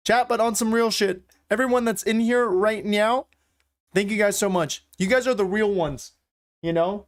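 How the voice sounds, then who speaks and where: A young man livestreaming, chatting casually with his viewers, swearing freely and thinking out loud. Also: sits high.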